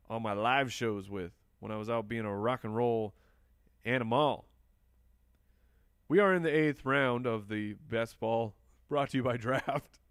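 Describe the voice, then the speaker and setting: A man's voice: fairly low pitch, clean tone, no room sound, studio quality. A man hosting a live fantasy football stream, chatting casually and answering viewer questions while he drafts. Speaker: fantasy football podcast host.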